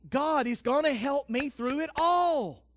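A man preaching a sermon as pastor, fervent and swinging from loud declarations to hushed, intense asides. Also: extremely high pitch, a little slow, slight background noise.

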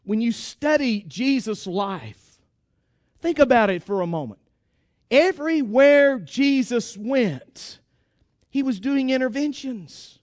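A man's voice: very high-pitched, lively intonation, takes it slowly, darkish tone, no echo, studio quality. A man preaching a sermon to his congregation, emphatic and exhorting, repeating phrases for force. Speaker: pastor.

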